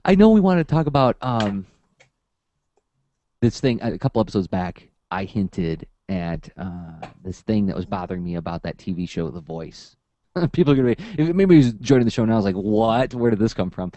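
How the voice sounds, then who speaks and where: A man hosting a podcast in casual chat, talking in a playful, animated way. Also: fairly low pitch, normal speed, muffled recording. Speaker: podcast host.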